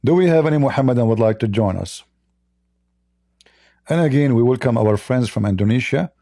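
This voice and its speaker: A man hosting a livestream debate, talking casually in a slow, halting, mocking way. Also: medium pitch, lively intonation, warm tone, dry recording, clean studio sound.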